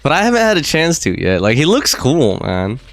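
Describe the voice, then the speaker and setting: A man's voice: on the high side, huge pitch swings, fairly quick, no room sound, soft background music. A man streaming a game live, chatting casually and rambling with lots of fillers and frequent laughs. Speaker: gaming streamer. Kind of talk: casual live gameplay commentary.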